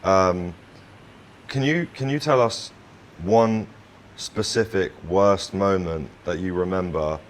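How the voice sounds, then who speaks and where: Deep-voiced laid-back podcast interviewer. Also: male voice, slow pace, a little hiss or hum. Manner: laid-back, with many ums and "bro". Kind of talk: casual interview.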